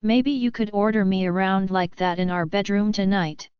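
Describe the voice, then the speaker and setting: A woman voicing a protective, possessive young werewolf alpha king, in a gruff, commanding way, in an audiobook. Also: high-pitched, steady tone, normal speed, dry recording, dull audio, lightly acted. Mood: stern.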